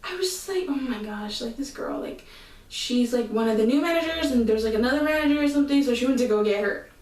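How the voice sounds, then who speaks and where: A young woman telling a casual storytime, animated and slangy, full of fillers and asides to the viewer. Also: a little high, fast talker, echoey room, distant mic, rough recording. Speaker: vlogger.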